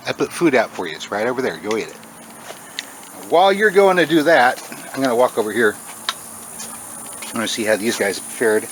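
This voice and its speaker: A man hosting a casual outdoor farm vlog, chatty, often breaking into a high sing-song voice to talk to animals. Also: lively intonation, fairly quick, long pauses, a bit bright, a little hiss or hum. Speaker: farm channel host.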